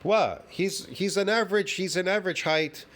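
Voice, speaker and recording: A man with a fairly high voice launches into a heated, profanity-laden reaction rant. He hammers the same points again and again, cursing in almost every sentence, and sounds openly scornful. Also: moderate pace, fairly bright tone. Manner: heated, swearing, repetitive ranting. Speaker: fitness commentator reacting to a video.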